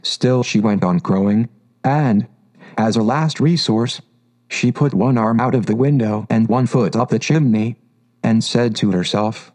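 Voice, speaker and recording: Man narrating a storybook, unhurried. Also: lowish voice, a little mellow, rough recording.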